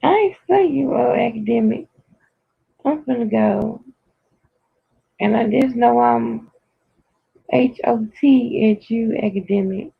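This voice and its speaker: A livestream host with a raspy voice, chatting casually with viewers and playfully scolding them over and over. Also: medium pitch, slow pace, pauses often. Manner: playful mock-scolding, repetitive. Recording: tinny phone-like audio.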